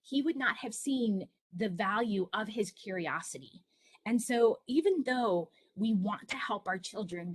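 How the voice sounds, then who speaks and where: Husky-voiced woman presenting to parents. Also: mid-range voice, no room sound. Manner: personal storytelling, earnest and encouraging. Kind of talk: online presentation for families.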